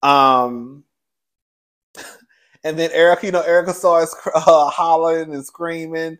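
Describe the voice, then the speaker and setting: A man hosting a casual recap vlog, talking in a sassy, animated way with frequent laughs and calling his listeners "girl" and "child". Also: on the high side, measured pace, pauses often. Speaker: show reviewer and host. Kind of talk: casual reality TV recap commentary.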